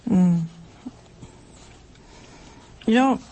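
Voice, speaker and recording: A woman's voice: mid-range voice, extremely slow, dark tone. A woman giving an informal sermon on scripture, talking in a conversational way with rhetorical questions, exclamations and asides that prod her listeners. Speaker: religious teacher.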